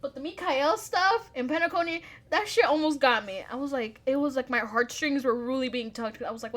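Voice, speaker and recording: A young adult woman streamer with a high, bright voice. She reacts emotionally and excitably in casual commentary, swearing freely as she talks. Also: fairly quick, hardly any pauses.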